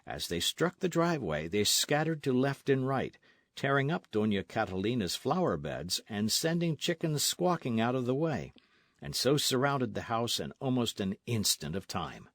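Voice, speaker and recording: A man's voice: medium pitch, very animated, moderate pace, fairly bright tone, dry recording. A man reading a classic adventure novel aloud as an audiobook narrator, telling the story expressively. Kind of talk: scripted narration.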